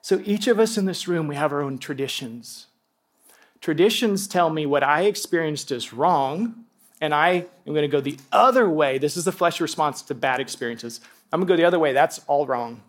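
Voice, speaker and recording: A pastor preaching to a congregation in church, telling stories with lively asides and laughter and speaking straight to the people in front of him. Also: male voice, on the high side, moderate pace. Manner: animated storytelling with asides and laughter. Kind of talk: sermon.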